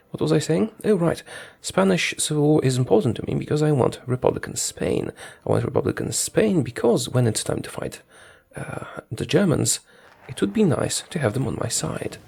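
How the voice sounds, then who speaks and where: A man's voice: on the high side, creaky, a little mellow, husky. A man giving casual commentary on his strategy game, thinking aloud, talking to his units and correcting himself as he goes.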